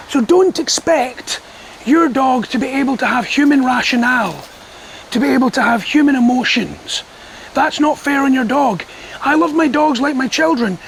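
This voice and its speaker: A dog trainer talks through his methods in a calm, firm, measured lesson. His voice sits very high with a gravelly edge. Light background noise and passing traffic sit under the speech. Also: poor audio. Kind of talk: instructional talk to camera.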